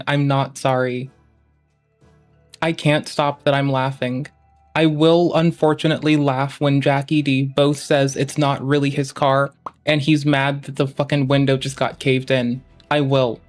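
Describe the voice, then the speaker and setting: A man's voice: on the high side, level tone, normal speed, faint music behind. A man giving reaction commentary in an unapologetic, swearing manner.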